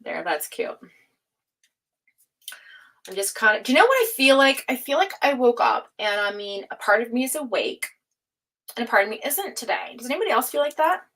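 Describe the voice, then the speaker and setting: A woman hosting a live tarot stream, chatting casually with viewers, laughing often and speaking of energy and higher self. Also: very animated, brisk, long pauses, a bit bright, poor audio. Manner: chatty, reads out chat names and laughs often.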